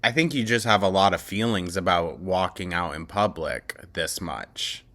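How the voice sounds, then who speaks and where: A man's voice: sits low, moderate pace, sharp tone, a little hiss or hum. A man hosting a reaction commentary, blunt and sarcastic, cutting in with exasperated remarks. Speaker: commentary host.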